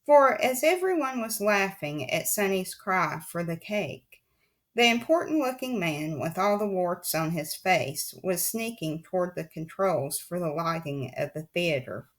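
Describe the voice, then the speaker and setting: A woman's voice: lowish voice, animated, measured pace. A woman reading a children's novel aloud in a wry, confiding tone, often speaking straight to the listener. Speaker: audiobook reader. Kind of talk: audiobook narration.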